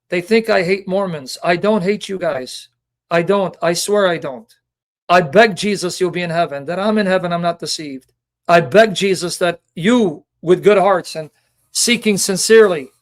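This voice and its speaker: Impassioned man pleading with rhetorical questions. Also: high voice. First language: Assyrian. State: emotional, near tears. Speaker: Christian apologist. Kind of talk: emotional personal reflection.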